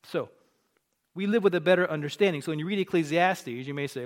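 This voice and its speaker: A man's voice: a little high, fast. A man preaching a sermon, explaining scripture in an earnest conversational way and rising to emphatic peaks on key points.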